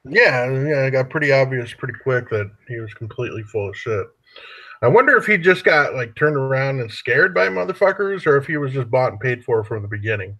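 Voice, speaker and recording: A man's voice: medium pitch, animated, a little fast, bright, forceful tone. Casual male podcast host, rambling and foul-mouthed. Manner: profane, rambling, drops "dude" often. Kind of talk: casual political chat.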